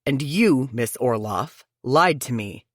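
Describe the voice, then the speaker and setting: A woman's voice: rumbling low, lively intonation, takes it slowly, dry recording, clean studio sound, pitched below the performer's own voice, full character voice. A woman reading an audiobook and voicing a stern, suspicious male police detective with a blunt, accusing manner. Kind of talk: audiobook character voice.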